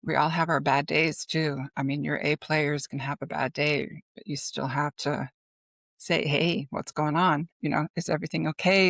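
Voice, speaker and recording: A woman's voice: low-pitched, vocal fry, no echo. Chatty middle-aged woman, dry close sound. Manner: chatty, filler-heavy, animated retelling of anecdotes. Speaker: podcast guest, business consultant. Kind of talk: casual interview conversation.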